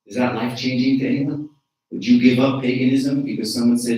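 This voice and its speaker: A man's voice: mid-range voice, steady tone, a little fast, dark tone, recorded from a distance. A man giving a conversational sermon as an archdeacon, engaging the congregation with frequent rhetorical questions. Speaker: archdeacon preaching. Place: church. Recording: very echoey church from afar.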